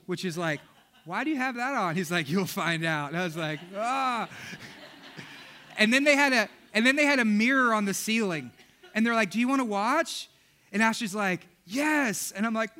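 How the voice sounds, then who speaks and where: Male preacher, thirties, high bright voice, storytelling sermon with voiced-out quotes. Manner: storytelling with acted-out quotes and laughs. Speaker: pastor.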